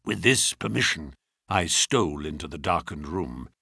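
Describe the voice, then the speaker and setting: A man narrating a classic detective story in the first person, reading in an expressive, animated way. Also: very deep voice, moderate pace, gravelly, breathy edge, no room sound, studio quality. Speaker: audiobook narrator.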